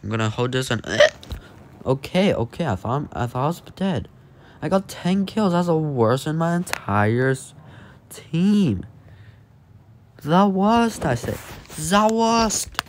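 A man's voice: medium pitch, unhurried, slight background noise. A young man giving casual, jokey commentary while he plays a game, talking to himself as he goes. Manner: animated, jokey, talks to himself while playing. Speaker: gaming commentator.

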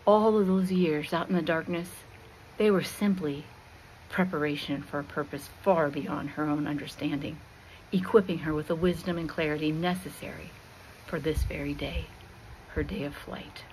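Low-voiced woman reading a christian story, slow and dramatic, bit of faint hiss. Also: fairly even intonation, darkish tone, poor audio.

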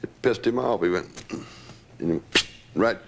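An older man being interviewed, telling lively anecdotes with laughter and the odd curse. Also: lowish voice, unhurried, gravelly, noisy background. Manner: animated storyteller, laughs, swears. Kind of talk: recounting stories.

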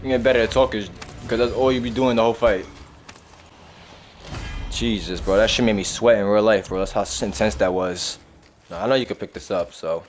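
A man's voice: lowish voice, brisk, long pauses, soft background music. A young man giving casual gameplay commentary, exclaiming and swearing in frustration as he keeps losing. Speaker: gaming streamer.

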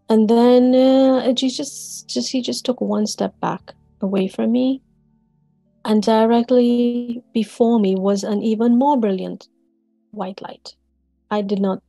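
Earnest, mellow-voiced woman in her forties. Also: mid-range voice, dry recording. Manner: earnest, deliberate storytelling with measured phrasing and repeated words. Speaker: author and counselor sharing a near-death experience. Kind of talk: personal testimony.

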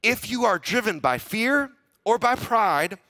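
A male pastor delivers a sermon in church, acting out the inner thoughts of a biblical character with drama and prompting the congregation to echo his lines. He sounds high-pitched, expressive, bright and forceful, yet unhurried.

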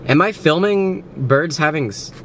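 A man's voice: on the high side, animated, unhurried, poor audio. A man vlogging casually from a moving car, rambling, joking and swearing as he drives. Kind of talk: casual vlog while driving. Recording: road noise from a car.

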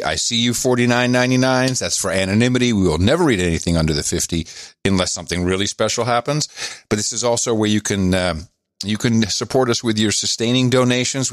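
A man's voice: medium pitch, no echo, studio quality. A man co-hosting a podcast in casual chat, wry and chuckling as he talks. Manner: wry, chuckling, does playful voices. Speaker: podcast co-host.

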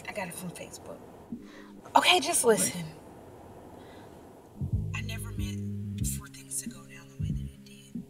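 A woman's voice: very deep voice, wildly swooping pitch, normal speed, pauses often, over loud music, exaggerated voice. An actress playing a remorseful young woman earnestly pleading and explaining on a phone call. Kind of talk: indie web drama acting.

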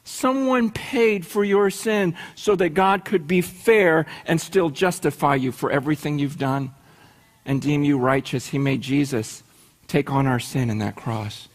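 Male pastor, middle-aged, high voice, passionate sermon, rhetorical questions, hushed then urgent. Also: unhurried.

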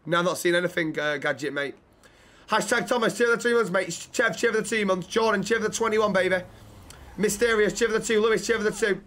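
His voice is high-pitched and a bit bright, and he talks quickly. While streaming a roleplay game, this easygoing man chats with fellow players and his viewers and thanks people who subscribe.

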